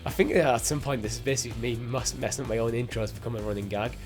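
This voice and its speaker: A man hosting a casual gaming podcast, his voice croaky from a cold, rambling and tripping over his own intro. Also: medium pitch, rapid-fire, music in the background. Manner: rambling, self-deprecating, stumbles over intros. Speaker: podcast host.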